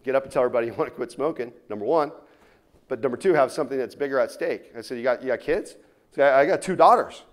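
A man giving a motivational keynote to a live audience, telling stories and swinging between loud punches and quiet asides. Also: mid-range voice, fast. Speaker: keynote speaker. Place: conference room before a live audience.

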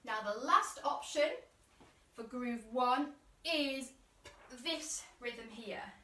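A woman's voice: on the high side, extremely slow, a bit bright, a little hiss or hum. A woman leading an online percussion workshop, chanting rhythm words and counting learners in for call-and-response drumming. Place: room at home, live video session. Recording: roomy, distant live-stream audio.

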